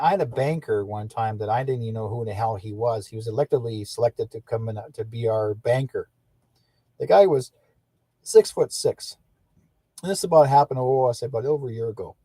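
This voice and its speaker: Older man, husky, dry close mic, indignant rambling livestream talk. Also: mid-range voice, mellow, dry recording. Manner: indignant, repetitive, restarts often. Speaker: livestream host.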